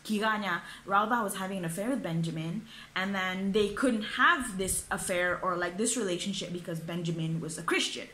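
A woman's voice: medium pitch, normal speed, hardly any pauses, pushed and bright, slight background noise. Exasperated young woman ranting. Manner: exasperated, swearing, many fillers. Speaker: book reviewer. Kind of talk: ranting book review. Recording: echoey room.

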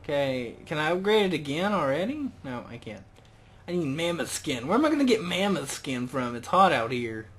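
Young male let's-play host, excitable and joking, slightly high voice. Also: normal speed, breathy edge. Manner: rambling, jokey, excitable. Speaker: gaming video host. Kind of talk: casual let's-play commentary.

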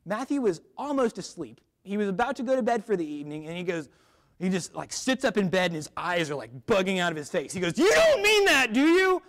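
A man's voice: high voice, fast talker. A young man giving a chapel sermon at a school, telling a funny personal story before turning to a Bible passage. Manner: lively, joking storyteller. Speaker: chapel speaker.

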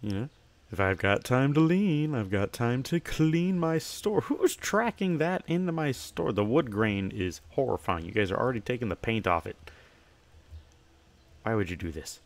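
A man's voice: mid-range voice, expressive, normal speed. A young man giving casual gameplay commentary, chatting to himself and breaking into playful, chirpy shopkeeper greetings to customers. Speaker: gamer.

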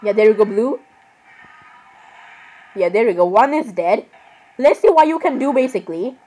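A woman's voice: a little high, expressive, normal speed, dark tone, rough recording. A young woman chatting casually while she plays a game online, rambling and exasperated, apologizing over and over. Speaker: gaming vlogger. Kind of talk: casual gaming commentary.

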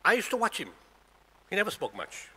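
In an echoey mosque prayer hall, a South African man in his sixties gives a Friday talk as a guest speaker, pressing the congregation with rhetorical questions. His high-pitched voice swings wildly in pitch, and his bright, forceful tone carries a breathy edge. He speaks a little fast, with a South African accent.

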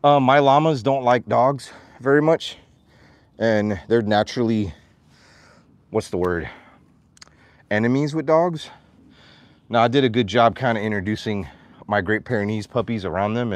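A man livestreaming from his farm, chatting with viewers and calling to his animals in a high voice, a little out of breath. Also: no echo. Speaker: vlogger, farm owner. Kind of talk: casual livestream vlog. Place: outdoors on a farm.

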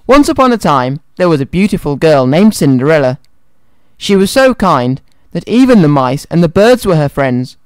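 A man's voice: on the high side, big pitch swings, moderate pace, clear, resonant tone, dry recording. A man presenting a children's radio show and reading a story aloud in a cheerful, friendly way, in a studio. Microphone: studio microphone.

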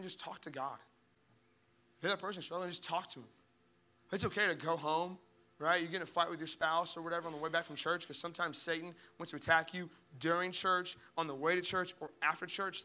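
A young man preaching a sermon as pastor, animated and storytelling, putting on squeaky panicked voices for the people in his stories.

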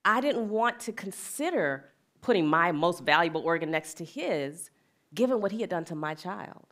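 A woman's voice: lowish voice, expressive, moderate pace, a bit bright. A middle-aged woman speaking as a wellness and equity speaker, earnest and plain-spoken, sharing a personal story in a reflective talk and laughing easily.

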